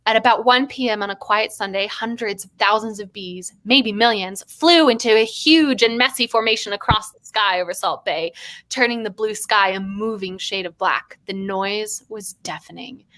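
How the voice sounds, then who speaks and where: A woman hosting a writing stream, reading her own short story aloud with animated asides and frequent laughter. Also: medium pitch, moderate pace, no room sound. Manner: animated, laughs often between passages. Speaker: writer and stream host.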